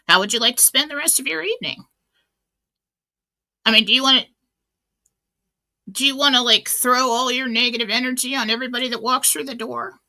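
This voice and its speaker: A woman's voice: a little high, sharp tone. A middle-aged woman hosting a radio talk show, telling stories in a chatty way, full of fillers and restarts. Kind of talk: casual inspirational talk.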